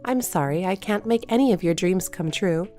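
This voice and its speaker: Low-voiced woman narrating a story. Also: lively intonation, normal speed, mellow, soft background music. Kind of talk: first-person story narration.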